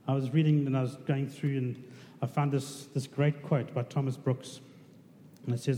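A man's voice: mid-range voice, little pitch movement, moderate pace, mellow. A man preaching a conversational sermon, asking his congregation questions. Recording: reverberant hall with faint noise.

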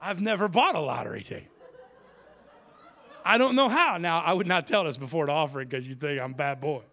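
A man's voice: a little high, animated, fairly quick, bright, forceful tone. A man preaching as a guest speaker in a church, telling a story in a joking, self-mocking way. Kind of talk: humorous sermon storytelling.

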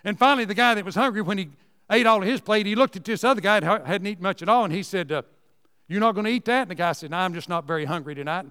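A man's voice: high-pitched, racing, sharp tone, big-room sound. A man preaching a sermon in a church, folksy and emphatic, repeating key phrases for emphasis.

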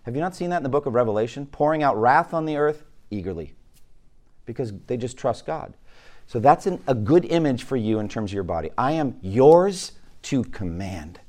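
A man's voice: mid-range voice, animated, brisk, darkish tone. A male pastor giving a conversational sermon, asking his listeners questions and often restarting his words. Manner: conversational teaching, asks the room questions.

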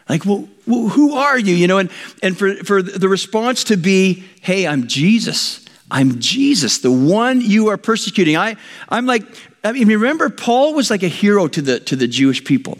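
A man preaching a sermon, telling a story with lively acted-out quotes. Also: high voice, long reverb tail. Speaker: pastor.

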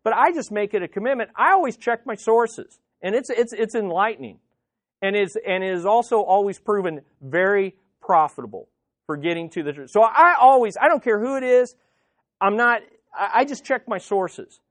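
A man's voice: high-pitched, expressive, moderate pace, no room sound. A man preaching an earnest, conversational sermon as pastor, often repeating words as he goes.

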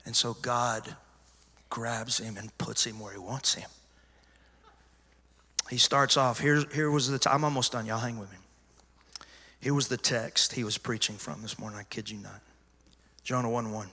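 A middle-aged pastor preaching from the pulpit, his voice very bright and forceful. He tells his story with emphasis and drops to near-hush before rising again. The sound carries the long reverb of a big church hall. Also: mid-range voice, steady tone, normal speed, pauses often. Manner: emphatic storyteller, swinging from hushed asides to loud cries. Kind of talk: sermon testimony. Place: large church sanctuary.

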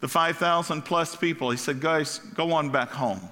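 Bright high-voiced male pastor preaching. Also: normal speed. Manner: animated, rhetorical questions to the congregation. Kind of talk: sermon. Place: church sanctuary. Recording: long hall reverb.

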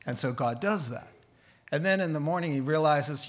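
A man's voice: a little high, moderate pace, fairly bright tone. A man preaching a Bible sermon in a conversational way, with joking asides. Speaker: pastor.

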